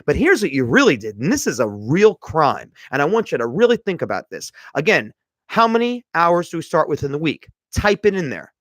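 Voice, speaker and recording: A man's voice: a little high, wildly swooping pitch, fairly quick, dry recording. Emphatic man lecturing on self-help. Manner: emphatic, lecturing, repeats points. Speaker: podcast host. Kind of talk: motivational livestream talk.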